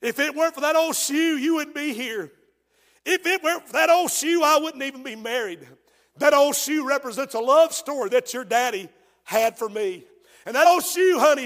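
A man's voice: high voice, long reverb tail, close to an everyday voice. A preacher playing a tender, firm mother. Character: gentle, firm mother speaking to her son.

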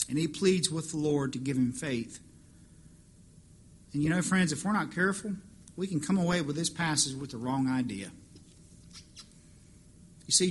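A man's voice: on the high side, a bit bright, slight background noise. A man preaching a sermon as pastor, impassioned and rising to emphatic peaks. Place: church fellowship hall.

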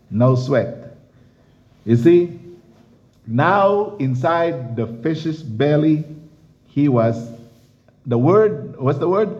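A man's voice: on the high side, a little mellow, muffled recording. A man preaching a sermon and reading scripture, emphatic and repetitive, often laughing.

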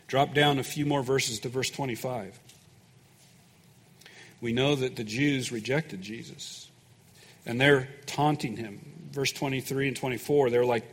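A man's voice: mid-range voice, moderate pace, breathy edge. Folksy preaching man in a reverberant church. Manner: folksy preaching, swelling louder when reading scripture. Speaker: pastor. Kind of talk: sermon. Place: church sanctuary.

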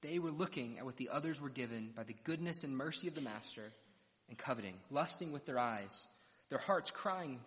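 A man's voice: mid-range voice, expressive, a little fast, fairly bright tone. A man preaching an expository sermon verse by verse and retelling a parable dramatically. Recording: long reverb of a large hall.

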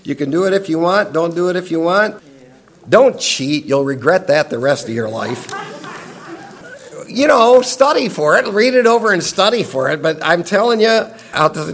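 An older man with a high-pitched voice teaches an evening Bible class. He talks emphatically, driving points home with stories and pointed asides. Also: animated, normal speed, a bit bright. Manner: emphatic, storytelling, dismissive asides.

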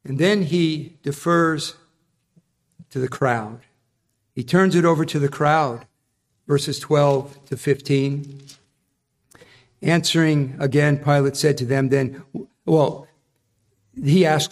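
A male preacher delivering a sermon, earnest and emphatic. His voice sits a little higher than most men's. He explains each point with steady conviction. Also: a little slow.

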